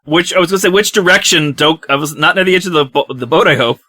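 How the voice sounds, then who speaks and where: Player, male, bright tone, dry close sound, hesitant, lots of ums. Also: a little high, quick pace, no echo. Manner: hesitant, many fillers. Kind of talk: tabletop game play.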